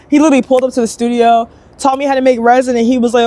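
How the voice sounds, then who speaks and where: A young woman sculptor telling her story in a casual, upbeat interview, chatty and lively, acting out other people's lines as she goes. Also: high-pitched. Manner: chatty, upbeat, quick bursts, acts out quoted voices.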